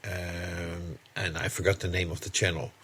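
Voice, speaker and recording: A man co-hosting a casual podcast, halting and joking, with many fillers, Dutch his first language. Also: deep voice, little pitch movement, bright, forceful tone, slightly rough. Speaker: podcast co-host, magazine editor.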